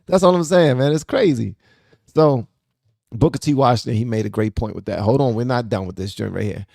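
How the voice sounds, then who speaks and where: A man hosting a podcast, giving reaction commentary in an animated, incredulous way with frequent laughter. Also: mid-range voice, fairly quick, creaky, dry recording, clean studio sound. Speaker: podcast host.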